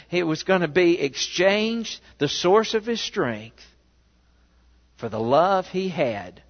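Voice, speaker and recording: Male pastor, unhurried, storytelling sermon; reverberant, muffled church recording. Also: fairly high pitch. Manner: animated storytelling with rhetorical questions. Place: church sanctuary. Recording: echoey, dull church recording.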